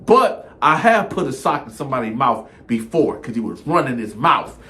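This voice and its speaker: A man telling a personal story in a casual, animated, conversational way. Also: mid-range voice, normal speed.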